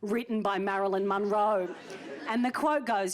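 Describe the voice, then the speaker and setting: A woman comedian in her early 40s speaks in a mid-range voice with a steady tone and measured pace during live stand-up in a theatre. She teases an audience member as part of her crowd work. The live recording is noisy, with some chatter behind her.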